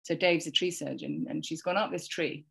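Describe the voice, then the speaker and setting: Woman, 40s, low voice, gravelly fry, rambling, repeats words, casual storytelling. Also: steady tone, normal speed. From England. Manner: rambling, repeats words, quotes herself and others. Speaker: podcast guest sharing a parenting story.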